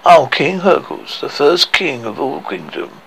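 A man's voice: on the high side, expressive, unhurried, creaky, fairly bright tone, husky, heavily acted, rough recording. A man doing a smug, commanding king. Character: proud self-crowned male king, smug. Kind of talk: improvised storytelling.

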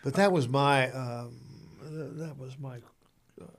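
A man with a gravelly, creaky voice sits in as a guest in a relaxed chat. He answers haltingly, with pauses and fillers. His voice sits at a middling male pitch. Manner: short reactive replies, halting when telling his own story. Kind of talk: casual interview chat.

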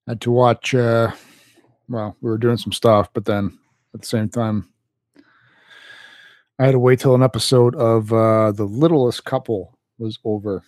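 A man's voice: mid-range voice, fairly even intonation, measured pace, pauses often, darkish tone, dry recording. Teasing man on a casual podcast. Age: 30s to 40s, a parent. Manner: teasing, playful ribbing. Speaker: podcast co-host. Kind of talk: casual chat.

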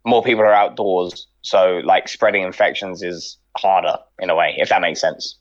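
A man's voice: sits low, fairly even intonation, moderate pace, muffled recording. A young man, chatting casually and jokily among friends in a slangy, argumentative way.

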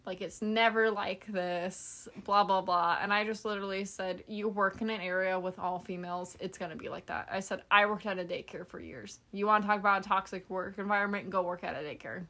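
A woman's voice: mid-range voice, brisk, few pauses. A woman podcast host casually telling a story, acting out the people she quotes and swearing offhandedly. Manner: animated, acts out quoted people.

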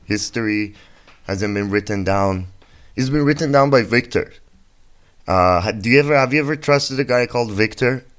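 A man's voice: medium pitch, normal speed, fairly bright tone. A young man hosting a solo podcast, rambling through jokey, profane stories in a casual monologue. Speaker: podcast host.

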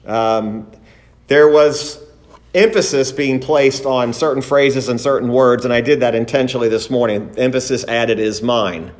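A man preaching a sermon and reading scripture, slow and deliberate, stressing single words and asking rhetorical questions. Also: medium pitch.

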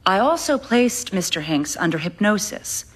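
An actress playing a calm, matter-of-fact female criminal psychologist testifying in a TV legal drama. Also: mid-range voice, moderate pace, husky.

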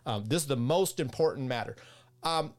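Male podcast host, mid pitch, rambling and exasperated, reads articles aloud with asides. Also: expressive, moderate pace. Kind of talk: casual political commentary.

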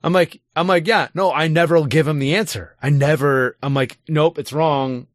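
A man's voice: fairly high pitch, steady tone, moderate pace, no room sound, studio quality. A middle-aged man in casual chat, a parent telling a frustrated, wry story about helping his child with math.

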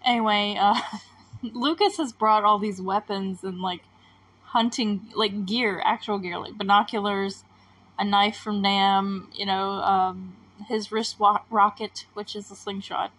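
A woman hosts a casual TV recap, chatting loosely through the story. Her talk rambles and is full of filler words, at a pitch in the middle range. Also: fairly even intonation, unhurried, a bit bright, poor audio. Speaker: TV recap podcast host.

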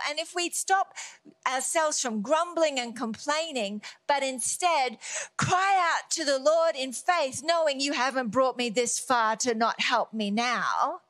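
A woman's voice: high-pitched, a bit bright, no echo. A woman giving a devotional Bible teaching, earnest and emphatic, often repeating key words. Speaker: preacher.

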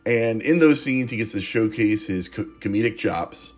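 Male podcast host, lowish husky voice, rambling and sarcastic, swears casually. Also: normal speed. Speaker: podcast host reviewing a movie. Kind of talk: casual comic monologue.

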